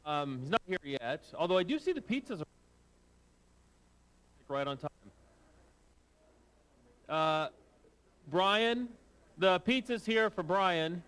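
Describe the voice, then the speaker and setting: A man's voice: high-pitched, lively intonation, takes it slowly, long pauses, fairly bright tone, clean tone. A man hosting a convention, making announcements in a jokey, informal way. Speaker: show host. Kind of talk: event announcements. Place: convention hall.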